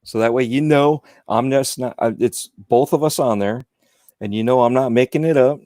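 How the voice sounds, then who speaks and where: A man in casual podcast chat who rambles, restarts and leans on "you know." His pitch sits in the middle. The sound is dry and close. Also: moderate pace, dark tone, no echo. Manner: rambling, repeats words, lots of "you know". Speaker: podcast guest.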